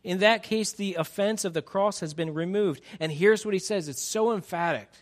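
A man preaching a sermon to his congregation, animated and emphatic, teasing the crowd and acting out quotes. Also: sits high, moderate pace. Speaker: pastor.

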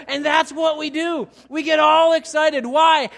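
Animated high-voiced male preacher. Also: unhurried, hardly any pauses. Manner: animated, swings from quiet asides to loud excited outbursts. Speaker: pastor. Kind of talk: sermon.

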